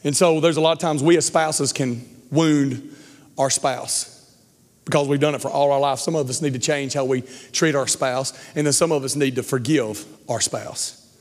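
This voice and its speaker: Animated male preacher in a reverberant hall. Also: medium pitch, moderate pace. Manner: animated storyteller, acts out quotes loudly. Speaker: pastor. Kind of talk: sermon with personal storytelling.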